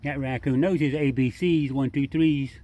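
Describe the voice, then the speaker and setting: A man's voice: mid-range voice, fairly even intonation, normal speed, warm tone. A man talking casually outdoors at night, coaxing and teasing an animal in a folksy, easygoing way. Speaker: backyard wildlife feeder. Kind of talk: casual talk to an animal while filming. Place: outdoors at night by a water drum.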